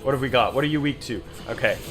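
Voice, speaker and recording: Excitable swearing gamer guy. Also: mid-range voice, quick pace, soft background music. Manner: excitable, swears, yells at the game. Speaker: gamer streamer. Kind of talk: casual gameplay commentary.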